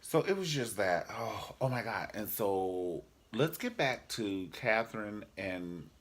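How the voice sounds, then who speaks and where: A man's voice: lowish voice, animated, slow pace. A man casually reviewing a TV drama episode in a sassy, joking vlog style. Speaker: TV show reviewer.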